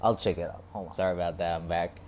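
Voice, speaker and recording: A man vlogging a casual reflective monologue, talking quietly and rambling with many restarts and repeated words. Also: deep voice, fairly even intonation, fast, a little hiss or hum.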